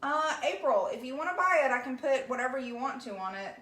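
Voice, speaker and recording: A chatty woman with an Alabama Southern accent talks to her viewers in a relaxed, folksy way as she paints. Her voice sits on the higher side, and it rings around an echoey room. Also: quick pace. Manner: chatty and folksy, answers viewer comments aloud. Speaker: craft livestream host. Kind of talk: casual livestream chat while painting.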